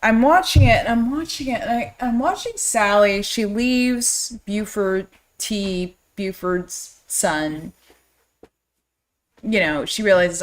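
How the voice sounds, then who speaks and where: A woman hosting a casual livestream movie chat, telling stories in a loose, profane, animated way. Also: medium pitch, slow. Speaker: livestream movie podcast host.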